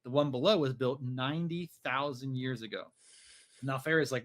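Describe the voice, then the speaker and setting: A man's voice: medium pitch, moderate pace. Rambling man recapping a novel. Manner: rambling, filler-heavy, swears casually. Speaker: podcast host. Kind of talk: casual book recap.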